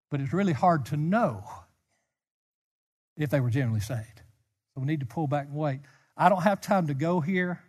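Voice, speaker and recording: A man preaching a sermon as a pastor, speaking with passion and sometimes rising to near-shouts. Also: on the high side. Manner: impassioned, rises to near-shouts. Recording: long hall reverb.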